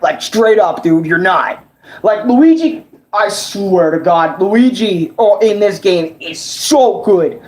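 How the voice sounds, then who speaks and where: A young man ranting casually about a video game, rambling, excitable and swearing a lot. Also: high-pitched, slow. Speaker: gaming vlogger. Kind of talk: casual game review rant. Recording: roomy echo.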